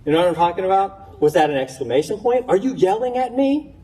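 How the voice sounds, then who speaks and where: High-ish guy preaching a sermon, chatty, lots of restarts, mic kinda far off. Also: animated, fast talker, mellow. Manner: conversational preaching, stammering restarts, voicing questions with rising pitch. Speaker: pastor. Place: church sanctuary.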